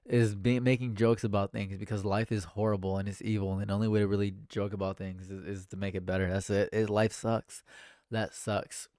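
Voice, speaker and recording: A man chatting casually on a livestream, animated and laughing often, swinging between loud high bursts and low mutters. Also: no room sound, studio quality. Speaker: livestream streamer.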